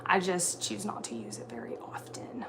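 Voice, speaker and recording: A woman's voice: rumbling low, expressive, normal speed, in a whisper. A woman in her thirties from Alabama with a mild Southern accent, chatting casually on a livestream and answering viewer comments. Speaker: livestream co-host.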